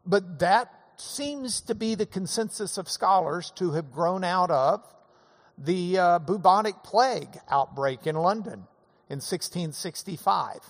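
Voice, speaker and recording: A man talks in a folksy, easygoing monologue, chuckling as he tells his stories. His voice sits somewhat high for a man, and a long reverb trails after his words as if he were in a hall. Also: measured pace. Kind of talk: casual monologue.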